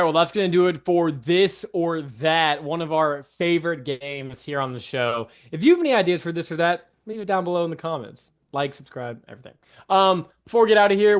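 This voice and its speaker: A young man co-hosting a casual sports podcast, upbeat, with frequent fillers and emphatic pitch jumps. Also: clean tone. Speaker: podcast co-host.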